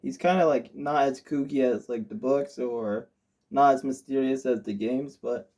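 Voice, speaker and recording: A man's voice: mid-range voice, normal speed, darkish tone. A young man co-hosting a casual movie review, chatty and hesitant with fillers. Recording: dull lo-fi sound.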